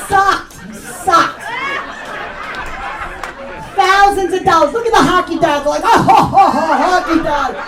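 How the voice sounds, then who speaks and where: A woman's voice: very high voice, background noise. A middle-aged woman with a New York accent doing a profane, mocking stand-up comedy set in a club. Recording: echoey room mic heard from a distance, crowd laughter. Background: audience laughing.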